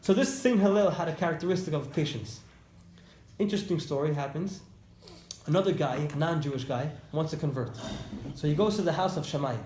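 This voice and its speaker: Male class teacher, high voice, animated storyteller, echoey room. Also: fairly quick. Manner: animated, storytelling, repeats phrases for emphasis. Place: indoor classroom with students. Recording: echoey room, faint background noise.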